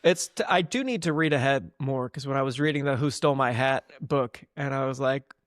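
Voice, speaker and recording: A man's voice: medium pitch, a little fast, no echo. Wry man telling dry jokes, close and dry. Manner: wry storyteller, dry jokes, acts out bits in silly voices. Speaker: podcast co-host. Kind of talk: casual chat.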